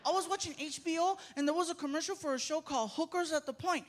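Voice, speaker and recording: A man's voice: very high-pitched, quick pace, pitched above the performer's own voice. A man voicing a curious young boy who keeps nagging with insistent questions, recorded live on stage with crowd noise. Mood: pestering.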